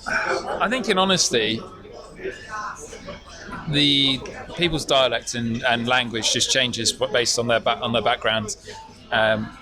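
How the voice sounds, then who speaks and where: A man's voice: mid-range voice, slow pace, pauses often. Man, from the UK, casual, chatty, crowd noise behind. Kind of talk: casual chat.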